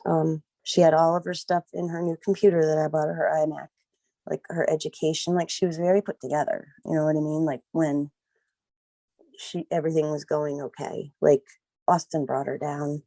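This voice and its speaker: A woman's voice: low voice, level tone, normal speed, warm tone, no echo, poor audio. A middle-aged woman recalling events as a guest, rambling and leaning on "like" and "you know". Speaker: guest, mother of a missing daughter. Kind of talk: emotional personal recollection.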